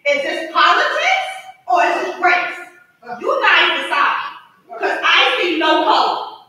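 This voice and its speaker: Forceful, emotional New woman. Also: high voice. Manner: emotional, forceful, rising to shouts. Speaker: resident speaking at public comment. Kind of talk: impassioned public comment at a council meeting. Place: city council chamber. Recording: echoey chamber, mic from a distance.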